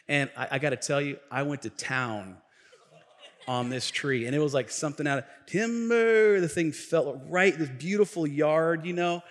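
A middle-aged male pastor telling a story in a sermon, chatty and animated, with restarts and asides. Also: on the high side, moderate pace. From Tacoma, Washington. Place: church sanctuary. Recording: echoey church hall.

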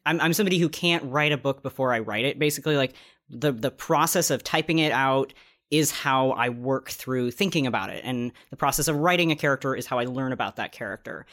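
A young adult novelist chatting casually on a podcast, candid and quick to laugh at their own stories. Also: mid-range voice, fairly bright tone. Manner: candid, laughing, tells stories with self-mocking asides.

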